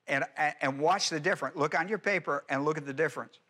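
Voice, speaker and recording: A man's voice: a little high, quick pace, bright, forceful tone. A male pastor giving an expository Bible teaching sermon, stressing points with rhetorical questions and explaining Greek grammar.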